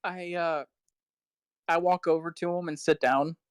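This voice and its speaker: A woman's voice: lowish voice, fairly even intonation, a little slow, clean tone, no echo, low-quality recording. A woman playing a tabletop game, speaking in a hesitant, playful way. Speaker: player. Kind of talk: tabletop role-play.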